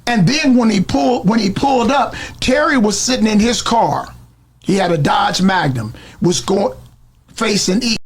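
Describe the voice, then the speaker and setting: A man's voice: sits high, lively intonation, moderate pace, husky. A man being interviewed, telling a story blow by blow in a street manner. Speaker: interview guest.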